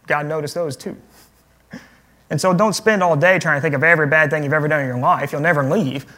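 Male pastor, relaxed preaching voice with gentle jokes, a touch higher than most men. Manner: conversational preaching with light humor. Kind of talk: sermon.

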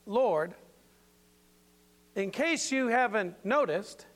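A man's voice: high-pitched, a little slow, a bit bright. An older man preaching an informal sermon in a folksy, playful way with many asides.

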